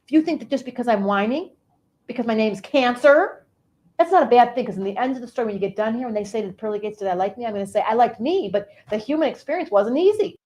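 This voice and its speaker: A woman's voice: fairly high pitch, expressive, fast talker, darkish tone, lightly acted, poor audio. A woman voicing a whiny, oversensitive woman who personifies the Cancer sign and talks in a melodramatic, self-pitying way. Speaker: comedic character performer. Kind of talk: improv comedy character.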